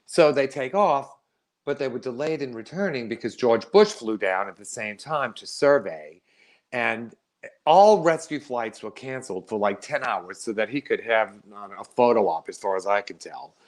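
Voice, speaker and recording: A middle-aged man performing a wry, animated storytelling monologue, laughing often. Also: medium pitch, moderate pace.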